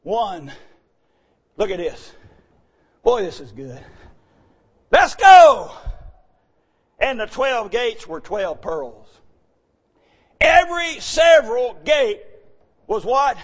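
A man delivers a fervent revival sermon in a church, his voice sitting unusually high. He drops to low murmurs, then breaks into shouted lines and joyful whoops. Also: sing-song, slow pace, long pauses, husky. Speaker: preacher.

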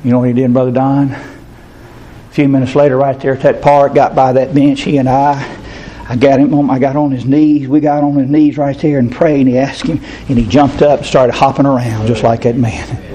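A man's voice: mid-range voice, little pitch movement, moderate pace, warm tone, highs cut off, slight background noise. A man preaching a sermon, telling a story in a folksy way and acting out the dialogue before leading a prayer. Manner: folksy storytelling, acts out dialogue in shifting voices. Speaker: pastor.

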